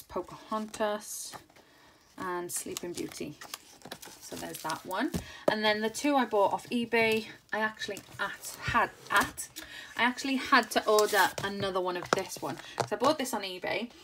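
A woman's voice: mid-range voice, normal speed. A woman in her thirties chatting casually and enthusiastically through a craft haul, rambling with plenty of fillers. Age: 30s. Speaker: crafting channel host. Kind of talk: casual haul video chat. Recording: noisy home recording.

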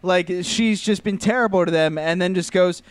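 Brief: man, high smooth voice, dry close sound, sarcastic podcast co-host. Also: normal speed, no echo. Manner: sarcastic, acts out lines in mocking voices. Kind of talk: casual movie review chat.

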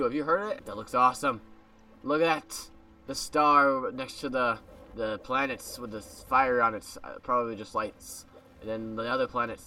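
Male gamer, very bright tone, joking let's-play banter in a put-on accent, a bit off-mic, faint music. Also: medium pitch, recorded from a distance. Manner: playful, joking, talks to viewers; puts on a made-up accent. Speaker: gaming video creator. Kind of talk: casual let's-play commentary. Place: home room.

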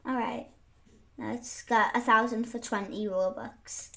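A young girl talks her way through a game in a high, bouncy voice. She giggles a lot and keeps saying sorry, and her speech is slow and unhurried. Keyboard typing and clicks can be heard behind her. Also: very animated, vocal fry. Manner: chatty, giggly, apologetic. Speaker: gaming YouTuber. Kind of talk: casual gameplay commentary.

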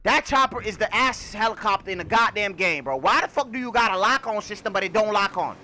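A man giving loud, animated, slang-filled commentary while playing a video game, swearing often. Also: sits high, fairly quick, slight background noise. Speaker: gaming YouTuber. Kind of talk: casual gameplay commentary.

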